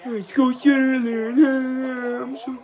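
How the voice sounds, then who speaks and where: A young man streaming a live reaction to a basketball game, excitable and prone to yelling at the plays, then apologizing. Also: extremely high pitch, slow. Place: home room, dog nearby.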